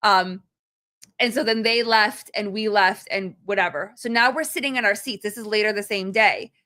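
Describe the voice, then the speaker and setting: A woman co-hosting a podcast, casually telling a lively story and acting out the voices of the people in it. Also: medium pitch, moderate pace. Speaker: podcast co-host.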